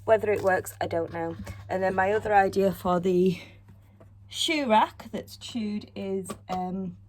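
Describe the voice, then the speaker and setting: A British woman talks through her home projects in a loose, rambling vlog style, full of ums and likes. Her pitch sits in the middle of the range, and a faint hiss runs under the home recording. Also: a little slow, a little mellow. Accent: British English. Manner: chatty, rambling, self-deprecating, lots of fillers. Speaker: vlogger. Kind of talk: casual home vlog chat. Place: at home indoors.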